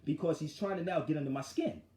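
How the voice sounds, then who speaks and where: A man hosting a talk show retells an argument in a forceful, animated way. His voice sits a little high but has a mellow, dark tone. The sound rings in an echoey room. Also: fast talker. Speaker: show host. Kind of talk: casual street talk storytelling.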